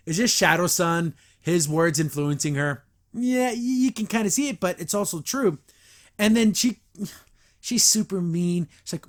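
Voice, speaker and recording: Animated man rambling through an episode review. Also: high voice, normal speed. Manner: rambling, animated, acts out the characters. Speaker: podcast host.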